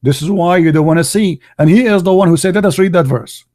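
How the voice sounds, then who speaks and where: Combative high-voiced man hosting a debate. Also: quick pace, a little mellow, dry recording, studio quality. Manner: combative, interrupting, repeats phrases and insults. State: losing his voice. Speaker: host of a live call-in debate stream. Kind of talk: heated live debate with a caller.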